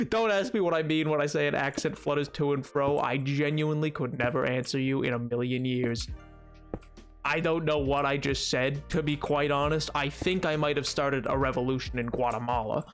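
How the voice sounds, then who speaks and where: A man's voice: medium pitch, normal speed, faint music behind. A man streaming a game, chatting casually with a rambling, playful, self-mocking way of talking. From United States. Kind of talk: casual livestream chat while gaming.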